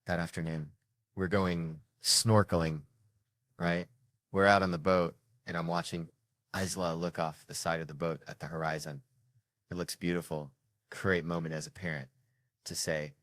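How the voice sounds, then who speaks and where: A middle-aged man doing stand-up, telling family stories with deadpan delivery and profane punchlines. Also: low voice, moderate pace, no echo, studio quality. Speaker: stand-up comedian. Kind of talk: stand-up storytelling.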